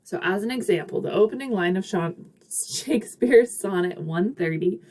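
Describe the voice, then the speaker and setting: A woman's voice: medium pitch, expressive, moderate pace, a little mellow. A woman teaching a recorded literature lecture in a chatty, upbeat way, with casual asides and frequent fillers. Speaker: literature instructor.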